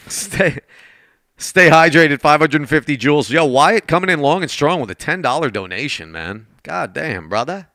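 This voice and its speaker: Lively, bright-voiced male game streamer. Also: fairly high pitch, normal speed, hardly any pauses, no echo, studio quality. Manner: chatty, thanks donors, talks straight to chat. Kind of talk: casual live-stream chat with viewers. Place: at a desk.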